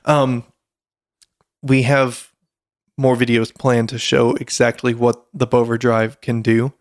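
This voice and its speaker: Man, podcast co-host, rambling casual talk, mid pitch, dry close mic. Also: little pitch movement, slow pace, no echo. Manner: chatty, rambling with fillers and restarts.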